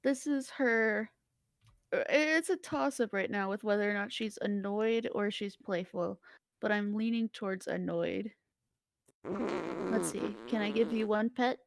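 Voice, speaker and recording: A woman's voice: mid-range voice, unhurried, dry recording. A young woman player chatting casually, giggling and teasing while talking to her cat. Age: young adult. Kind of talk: casual chat.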